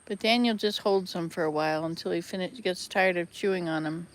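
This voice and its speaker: A woman's voice: lowish voice, brisk. An older woman chatting casually in a travel vlog, rambling and correcting herself as she goes, filming outdoors by a hut. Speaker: vlogger. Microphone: handheld camera.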